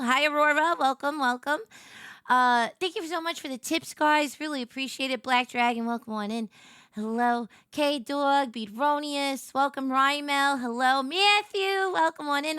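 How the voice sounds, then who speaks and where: A young woman streaming and greeting her viewers in casual chat, animated and swinging from soft murmurs to excited squeals. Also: sits high, no echo, clean studio sound.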